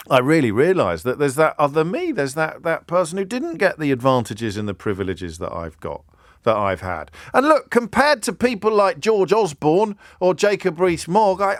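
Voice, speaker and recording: A man's voice: fairly high pitch, dry recording, clean studio sound. A middle-aged English man hosting a radio phone-in, talking reflectively with frequent restarts and building into impassioned questions. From England. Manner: conversational, many restarts, rising to impassioned questions.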